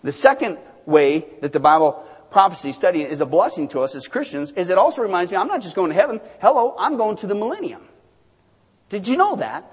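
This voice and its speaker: A pastor preaching a sermon in an animated, joking way, repeating phrases for emphasis. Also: male voice, high voice, brisk, slightly rough, big-room sound.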